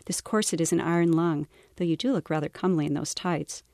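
A woman's voice: deep voice, brisk, a little mellow, no room sound, clean studio sound. A woman author reading as a wry young woman, sometimes in a mock English accent, in a playful manner. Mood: teasing.

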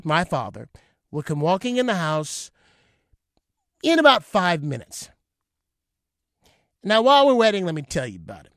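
Man from California, wry memoir storyteller, slightly high voice, dry close sound. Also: dry recording. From California, United States. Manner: animated, wry comic delivery. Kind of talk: solo stage memoir storytelling.

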